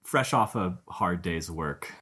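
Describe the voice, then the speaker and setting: Deep-voiced man narrating a fantasy game. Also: lively intonation, pushed and bright, husky. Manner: measured storytelling narration. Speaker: game master.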